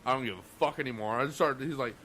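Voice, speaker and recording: A man's voice: mid-range voice, racing, fairly bright tone, slight background noise. A man co-hosting a casual podcast, telling rowdy restaurant stories with lots of swearing, restarts and laughter. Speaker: podcast co-host. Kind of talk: casual chat, swearing storytelling.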